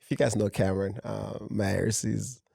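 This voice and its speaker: A man, a fashion house founder, telling a lively anecdote in a casual interview. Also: lowish voice, normal speed, vocal fry, breathy edge, no room sound, clean studio sound. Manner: animated anecdote telling with fillers. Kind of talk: casual storytelling chat.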